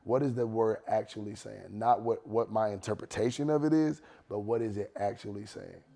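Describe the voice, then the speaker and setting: A man in his forties, a worship leader talking casually on a podcast couch, relaxed and slangy, repeating his advice for emphasis. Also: fairly low pitch, moderate pace. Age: 40s. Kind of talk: casual chat.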